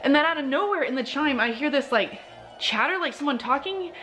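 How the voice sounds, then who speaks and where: Chatty young mom, slightly high voice. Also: female voice, lively intonation, brisk, sharp tone, soft background music. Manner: chatty, rambling, lots of fillers. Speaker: mom vlogger. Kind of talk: casual vlog chat. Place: bedroom, lying in bed.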